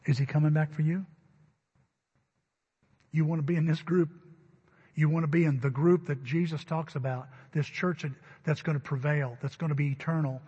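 A man's voice: a little high, fairly even intonation, fairly quick, slightly rough. Emphatic male pastor in a reverberant hall. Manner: emphatic, rising to loud stresses. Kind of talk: sermon. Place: church sanctuary. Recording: dull recording with long hall reverb.

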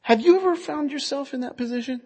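Earnest high-voiced male preacher in a hall. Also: quick pace, a little mellow. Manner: earnest, conversational preaching with rhetorical questions. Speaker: pastor. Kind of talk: sermon.

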